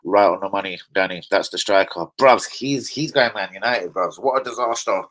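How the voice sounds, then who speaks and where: Animated football streamer. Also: male voice, mid-range voice, brisk, rough recording. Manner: slangy, chatty, animated banter with chat. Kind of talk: casual live-stream chat.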